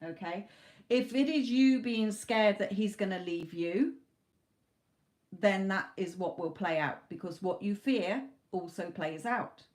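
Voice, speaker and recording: A woman's voice: mid-range voice, measured pace, darkish tone. A woman doing a live tarot reading, talking in a loose, conversational way with frequent restarts. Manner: talks in loose spoken chunks, restarts often. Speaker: tarot reader.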